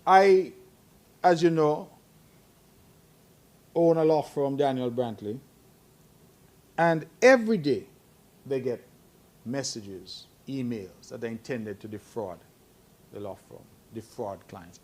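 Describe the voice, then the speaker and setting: A man's voice: medium pitch, lively intonation, measured pace, long pauses, a little mellow. A middle-aged man giving earnest, admonishing remarks at a press conference, growing emphatic. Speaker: head of government at a press conference.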